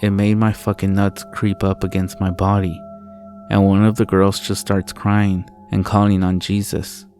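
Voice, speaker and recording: A man narrating a first-person horror story in a low, steady storytelling manner, swearing often. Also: moderate pace, faint music behind.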